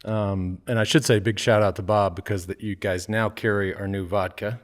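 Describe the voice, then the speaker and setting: A man's voice: on the low side, fairly even intonation, moderate pace. A male podcast host in a bar lounge, chatty and rambling in casual interview conversation. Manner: rambling, chatty, many restarts and fillers.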